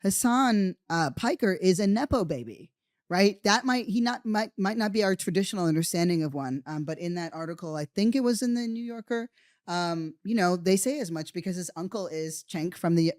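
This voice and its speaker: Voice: medium pitch, a little mellow, no echo, studio quality. A podcast host talking in a casual, rambling monologue, often swearing and tagging on "right?" and "you know".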